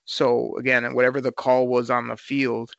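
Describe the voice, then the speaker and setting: Gravelly, bright-voiced man talking sports. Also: medium pitch, moderate pace, dry recording, lo-fi sound. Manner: animated, frustrated game breakdown. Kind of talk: casual sports talk.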